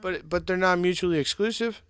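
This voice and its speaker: A man's voice: high voice, fairly quick, fairly bright tone, clear, resonant tone. A man co-hosting a podcast in casual chat, joking and challenging the others with questions. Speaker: podcast co-host.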